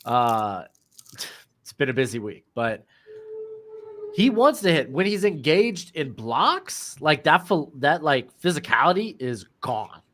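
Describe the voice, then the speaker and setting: Young man with a very lively pitch. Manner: halting, restarts a lot, lively swings in pitch. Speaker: co-host. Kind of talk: casual podcast chat.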